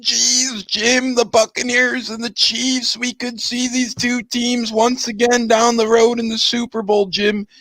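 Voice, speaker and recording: A man putting on a gushing football announcer, pitched far above his own voice and stretching his words. The sportscaster delivery is exaggerated and hammy, and the recording is dry and close. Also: flat delivery, unhurried, hardly any pauses, fairly bright tone, no room sound, full character voice. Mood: excited. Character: impression of a male football announcer.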